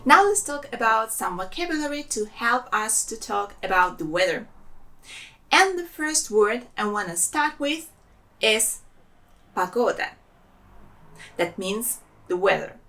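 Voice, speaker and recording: A woman from Russia with a Russian accent, teaching an online language lesson and sounding words out slowly, syllable by syllable. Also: on the high side, sing-song, sharp tone. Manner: slow, careful syllable-by-syllable pronunciation drills.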